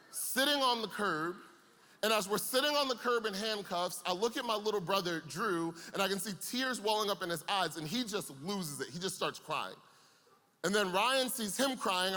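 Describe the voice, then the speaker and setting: A man's voice: high voice, animated, moderate pace, pushed and bright. A young man preaching to a youth camp, telling a comic story with playful asides before turning serious. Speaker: camp speaker. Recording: long hall reverb.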